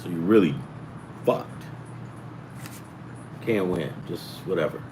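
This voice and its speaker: Over background noise, a middle-aged sports betting show host talks slowly in a low voice. The chat is rambling and casual, profane, and jumps from topic to topic.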